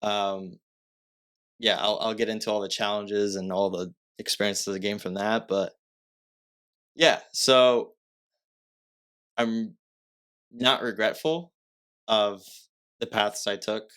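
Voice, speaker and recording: Slightly low-voiced young man telling a story. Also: fairly even intonation, slow pace, long pauses, a bit bright, clean tone. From Massachusetts. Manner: rambling, heavy filler words, self-correcting. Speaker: podcast guest. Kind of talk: casual storytelling.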